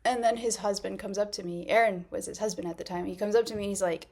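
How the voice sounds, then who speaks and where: Woman from Mexico, actress vlogger, gravelly, chatty, giggly. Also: medium pitch, fairly even intonation, fast, hardly any pauses, darkish tone. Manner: rambling, laughs often. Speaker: actress and content creator. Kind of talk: casual vlog chat.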